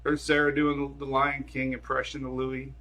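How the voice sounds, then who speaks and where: A man's voice: mid-range voice, completely flat delivery, moderate pace, bright, forceful tone. A man hosting a casual weather live stream from home on his phone camera, rambling and chatty as he talks to viewers and his dogs.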